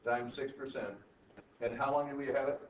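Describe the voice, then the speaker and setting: An older man teaching an accounting class, quizzing students with quick questions and teasing them. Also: mid-range voice, level tone. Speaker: accounting professor. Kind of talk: classroom lecture. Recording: distant, roomy, dull lo-fi with faint noise.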